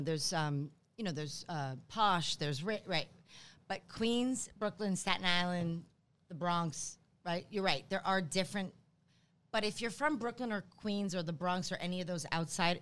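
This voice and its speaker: A woman's voice: lowish voice, normal speed, a bit bright. Emphatic New woman guest. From New York outer boroughs. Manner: emphatic, restarts often. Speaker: podcast guest, acting coach. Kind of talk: casual studio chat.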